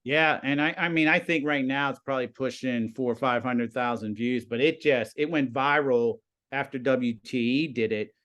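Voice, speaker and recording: A man in his fifties, a high school TV production teacher, telling stories casually as a guest and acting out the conversations he quotes. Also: moderate pace, few pauses. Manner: animated, acts out quoted conversations. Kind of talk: casual storytelling.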